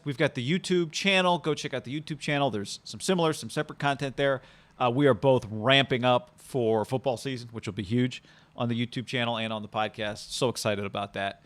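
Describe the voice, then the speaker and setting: A man's voice: mid-range voice, a little fast, a bit bright. Upbeat male sports podcast host. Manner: upbeat, chatty, repeats words when starting. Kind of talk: casual sports chat.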